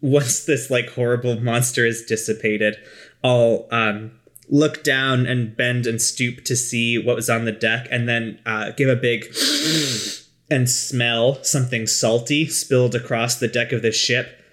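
A man's voice: mid-range voice, fairly even intonation, measured pace, a bit bright. A man playing a tabletop role-playing game, casually describing what his character does. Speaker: player.

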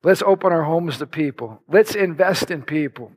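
A man preaching a sermon to his congregation, animated and conversational, acting out little prayers and scenes in other voices. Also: on the high side, normal speed. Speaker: pastor. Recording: long hall reverb.

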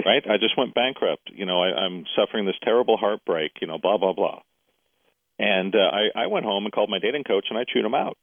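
Low-voiced man telling a story over a phone line. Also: brisk, creaky, no room sound. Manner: animated storyteller, quotes others in dialogue. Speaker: guest. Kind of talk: casual interview storytelling.

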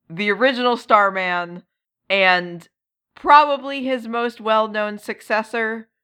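A woman co-hosting a casual podcast, laughing often and halting with lots of ums. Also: mid-range voice, pushed and bright, clean tone. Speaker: podcast co-host. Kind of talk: casual chat.

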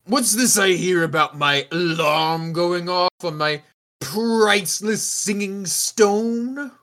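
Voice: mid-range voice, slow pace, fairly bright tone, pitched above the performer's own voice. A game master voicing an indignant wealthy male homeowner who exclaims theatrically.

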